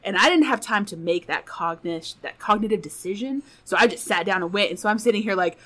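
A woman's voice: medium pitch, brisk, fairly bright tone. A woman guest on a podcast telling a funny personal story in casual, profane chat, laughing often.

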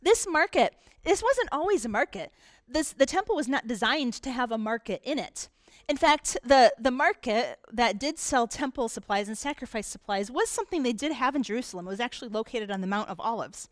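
Woman pastor, sermon, conversational preaching, emphatic pauses, fairly high voice, dry sound. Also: animated, no echo.

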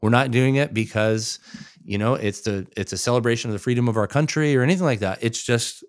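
A man co-hosting a casual chat, enthusiastic and quick to agree. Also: medium pitch. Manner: enthusiastic, quick affirmations like "huge". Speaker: podcast co-host.

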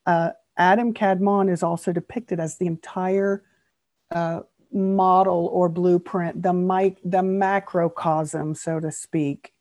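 Slow, mellow-voiced woman author explaining. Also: on the low side, dry recording. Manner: earnest, steady explainer who spells out terms. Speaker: author guest. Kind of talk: explaining esoteric teachings in a podcast interview.

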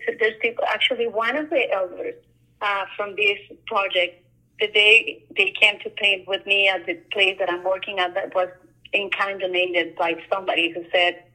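A woman artist who works on murals, talking casually and telling stories in an animated way, often acting out the lines people said to her. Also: medium pitch, low-quality recording. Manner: animated storyteller, acts out quoted dialogue. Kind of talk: casual conversation.

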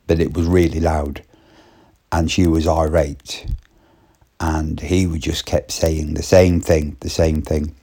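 A man's voice: very deep voice, flat delivery, slow, dark tone, husky. A man telling an anecdote in a casual, rambling monologue with repeated restarts. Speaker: storyteller.

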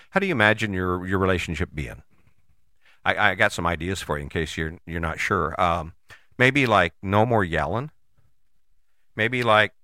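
Animated man with a bright, lively voice. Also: lowish voice, no room sound, studio quality. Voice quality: casual, swears freely. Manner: animated, conversational, frequent rhetorical questions. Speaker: motivational host. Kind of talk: motivational monologue.

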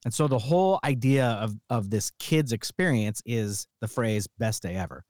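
A middle-aged man hosts a casual podcast chat, telling stories with plenty of punch. His pitch swings freely up and down as he talks. The sound is close and dry, with no room around it. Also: moderate pace, no room sound. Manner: animated storyteller, emphatic. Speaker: podcast host.

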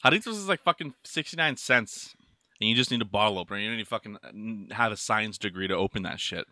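A man co-hosting a podcast in casual chat, blunt, with constant swearing and loud riffs. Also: lowish voice, expressive, quick pace, dry recording, studio quality. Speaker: podcast co-host.

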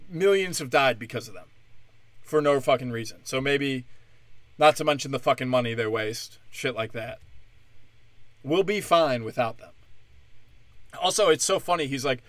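A man's voice: fairly high pitch, expressive, normal speed, dry recording. A man ranting in heated, profane commentary as a podcast host, mocking the people he argues against.

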